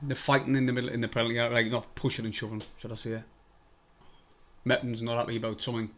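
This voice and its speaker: A young man, commenting live on a match for his stream. He swears a lot, mutters under his breath and breaks into excited bursts. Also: mid-range voice, fast. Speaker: fan livestream host.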